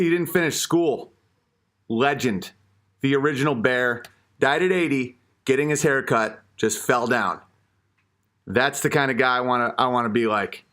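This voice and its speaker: A man's voice: mid-range voice, a bit bright. A man hosting an online comedy rant, crude and mocking.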